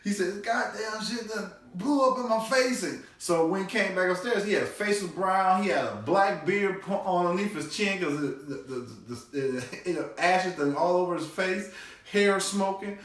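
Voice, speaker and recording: A man telling a comic family story, animated and loose, now and then shouting quoted lines in a high voice. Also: moderate pace. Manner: animated, shouts his dad's cussing in a high voice. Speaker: comedian. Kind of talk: storytelling stand-up. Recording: echoey room, distant mic.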